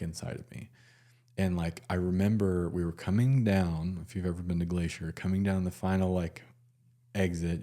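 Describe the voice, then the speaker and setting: A man, a nurse, telling a personal story in a casual, halting way with many fillers and restarts. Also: sits low, warm tone.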